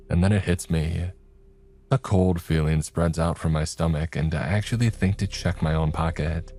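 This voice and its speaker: Deep-voiced man narrating horror. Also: mellow, a little hiss or hum. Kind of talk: first-person horror story narration.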